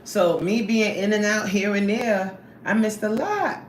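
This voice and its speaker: A woman hosting a casual livestream, chatting with viewers in a sassy, animated way and laughing often. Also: medium pitch, unhurried, echoey room, slight background noise. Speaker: livestream host reading chat.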